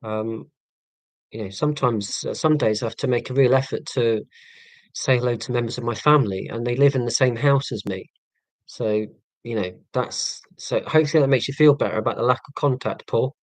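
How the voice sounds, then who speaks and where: A man in his forties, from northeast Scotland, hosts a casual live stream and chats through viewer comments. He rambles with frequent ums and restarts, pokes fun at himself, and speaks at a middle pitch. The recording is dry and close, with almost no room sound. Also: fairly quick, dry recording. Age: 40s. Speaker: livestream host.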